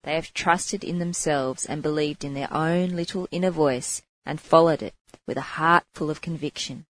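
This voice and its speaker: Low-voiced woman teaching spiritual class. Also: moderate pace, dry recording, low-quality recording. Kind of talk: spiritual class talk and storytelling.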